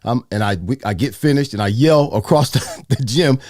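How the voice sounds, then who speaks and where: Lively older man hosting a talk show. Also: medium pitch, moderate pace, no echo, studio quality. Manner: animated, repeats phrases for emphasis. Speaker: host. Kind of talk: casual interview show.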